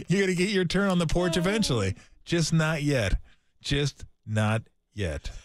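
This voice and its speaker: A man's voice: on the high side, animated, normal speed. Emphatic, ranting radio co-host man. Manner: ranting, emphatic, mock-grumpy. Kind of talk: casual studio banter. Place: radio studio. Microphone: studio microphone.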